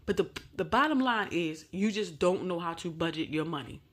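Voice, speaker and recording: A woman's voice: on the low side, expressive, normal speed, a bit bright. A woman hosting a reaction commentary, bluntly scolding and giving emphatic advice. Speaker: host.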